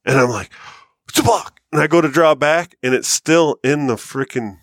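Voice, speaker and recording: Animated american man telling a hunting story. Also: normal speed, no room sound, studio quality. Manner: animated storyteller, rises high and loud when acting out quotes. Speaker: podcast co-host. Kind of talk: casual storytelling chat.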